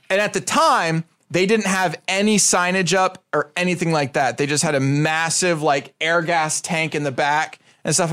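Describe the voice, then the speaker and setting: An American man chatting casually as a podcast co-host, profane and animated, laughing through his stories. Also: on the high side, normal speed, few pauses. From United States. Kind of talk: casual chat.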